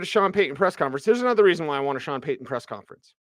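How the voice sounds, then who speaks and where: A man hosting sports radio, ranting in an animated, emphatic way about football. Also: on the high side, racing, no room sound, clean studio sound.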